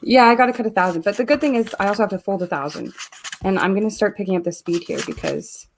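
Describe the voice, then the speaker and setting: A woman's voice: mid-range voice, fast talker, vocal fry, a little hiss or hum. A Canadian woman hosting a live stream, chatting casually and reading viewer comments aloud as she works. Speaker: host of a live giveaway stream.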